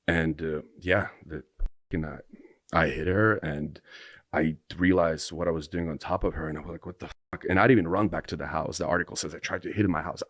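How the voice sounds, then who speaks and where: Low-voiced man telling a wild story. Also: a bit bright, dry recording, clean studio sound. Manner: rambling, breathless retelling with restarts. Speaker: podcast guest. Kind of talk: casual storytelling.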